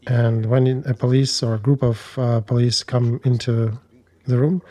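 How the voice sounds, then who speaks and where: A man discussing war news in a measured, analytical way, speaking bluntly. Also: medium pitch, little pitch movement, dark tone.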